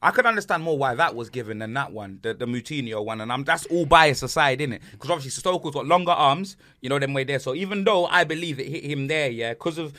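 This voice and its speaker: A man's voice: medium pitch, animated, fast talker, hardly any pauses, bright, forceful tone. A young man co-hosting a football podcast, joking constantly and tagging his sentences with street slang. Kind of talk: casual banter podcast.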